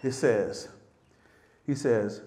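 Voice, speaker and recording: A man preaching a sermon with fervor, repeating phrases and swinging from loud peaks to hushed lows. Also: extremely slow.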